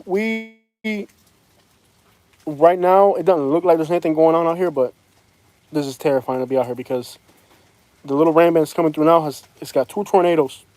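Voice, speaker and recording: A man's voice: fairly high pitch, fairly even intonation, fast, dark tone, no echo. A man chatting casually and rambling to livestream viewers from outdoors in the rain. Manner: rambling, talks straight to chat viewers. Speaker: livestream host. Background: rain falling.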